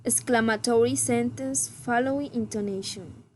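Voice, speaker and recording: A woman reading pronunciation practice sentences aloud, slowly and deliberately, as a student. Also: on the high side, a little mellow, a little hiss or hum. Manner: slow, careful, deliberate reading.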